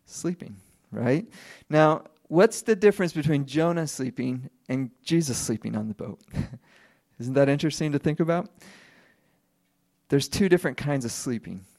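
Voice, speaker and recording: A man's voice: a little high, lively intonation, moderate pace, creaky, a little mellow. A man in his thirties preaching a sermon in a conversational way, asking the listeners questions and laughing lightly now and then. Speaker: pastor.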